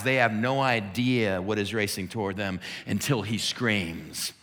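A man's voice: on the low side, a little slow, few pauses, a bit bright, long reverb tail. A man preaching a sermon, retelling a scene in vivid, dramatic detail. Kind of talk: sermon storytelling.

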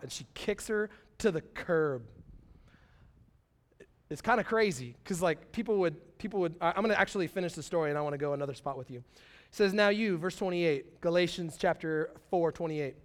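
A young man preaching a sermon in a casual, animated storytelling way, full of slang and acted-out quotes. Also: high voice, brisk. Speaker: pastor.

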